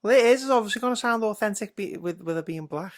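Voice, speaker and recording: A woman's voice: mid-range voice, animated, fast talker. A woman co-hosting a casual podcast, self-deprecating and laughing at herself. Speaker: podcast co-host. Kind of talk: casual chat.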